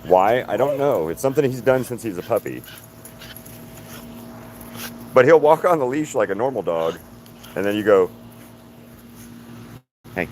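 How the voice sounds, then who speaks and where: A man with a very low voice chats loosely on a livestream, trailing off and restarting as he goes. He is outdoors on grass and talks into a handheld phone, with steady background noise in the recording. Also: moderate pace, long pauses. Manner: rambling, chatty, with many restarts. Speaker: artist hosting a livestream. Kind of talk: casual livestream chat. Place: outdoors on grass walking a dog.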